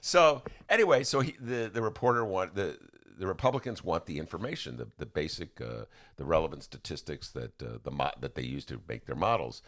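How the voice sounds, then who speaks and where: A man's voice: low voice, lively intonation, fairly quick, few pauses, a bit bright. A man hosting a podcast in casual political chat. He rambles and restarts often, and he acts out quotes with big swings in his voice. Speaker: podcast host.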